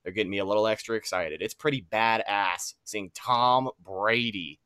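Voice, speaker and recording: A man's voice: on the low side, normal speed, bright, forceful tone, clear, resonant tone, no room sound, studio quality. Conversational man on a sports show. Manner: conversational, asks questions. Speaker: co-host. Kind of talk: casual sports talk.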